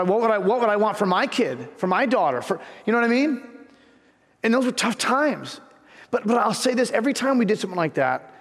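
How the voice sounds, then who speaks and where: A man's voice: on the high side, in a large hall. A man preaching a sermon as pastor, telling a personal story earnestly and building to fervent emphasis.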